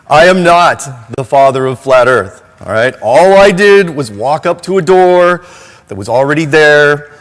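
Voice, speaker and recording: A man's voice: fairly high pitch, expressive, takes it slowly. A man speaking to a large live audience at a conference, emotional and grateful, laughing and restarting his sentences. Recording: conference hall reverb.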